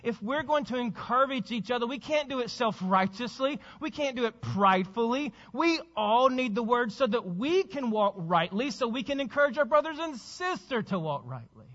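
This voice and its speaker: Male pastor giving an urgent sermon, high voice, muffled, echoing sanctuary sound. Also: big pitch swings, normal speed, few pauses, fairly bright tone. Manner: urgent, exhorting preacher with rhetorical questions.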